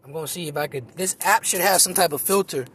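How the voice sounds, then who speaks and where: Male comedian, casual phone monologue outdoors, high-pitched, rambling and profane. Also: quick pace, fairly bright tone, a little hiss or hum. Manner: rambling, profane, self-mocking. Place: outdoors in a park.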